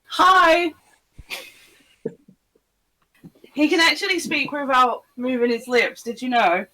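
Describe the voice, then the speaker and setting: A man doing a chirpy ventriloquist-dummy voice in a squeaky falsetto, speaking over a video call. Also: animated, moderate pace, bright, forceful tone, full character voice, low-quality recording.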